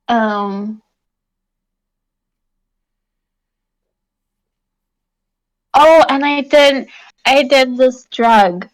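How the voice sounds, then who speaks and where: A woman voicing a soft, timid young adventurer. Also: high voice, very slow, poor audio. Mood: dreamy. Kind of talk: tabletop role-play.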